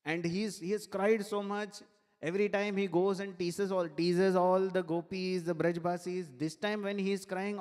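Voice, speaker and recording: A man preaches at a temple, telling a devotional story with animated energy. His voice sits somewhat high for a man. The long reverb of the hall rings after his phrases. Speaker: temple speaker.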